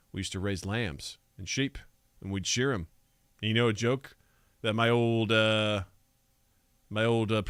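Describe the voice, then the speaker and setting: A man's voice: lowish voice, a bit bright, dry recording, clean studio sound. A man co-hosting a comedy podcast, narrating an anime parody with sarcastic asides and rambling jokes.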